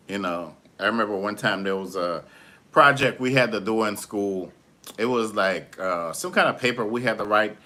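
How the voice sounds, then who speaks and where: A man's voice: medium pitch, sharp tone. A young man giving a casual, rambling spiritual pep talk, full of fillers and restarts, acting out little voices. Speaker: motivational speaker.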